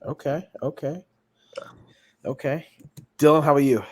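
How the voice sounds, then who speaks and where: A man's voice: fairly high pitch, fairly even intonation, normal speed, a little mellow, slightly rough. A young man hosting a casual sports podcast, easygoing and laughing often as he asks for predictions. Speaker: podcast host leading picks.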